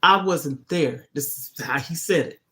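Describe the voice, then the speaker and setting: A woman's voice: low-pitched, a little slow, sharp tone. Woman, middle-aged, livestream host, casual chat, emphatic, keeps saying okay.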